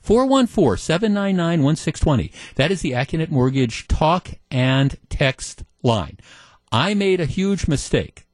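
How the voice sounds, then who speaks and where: A middle-aged man hosting a talk radio show, telling a story in an animated, mock-exasperated way into a studio microphone. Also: fairly high pitch, unhurried, no echo.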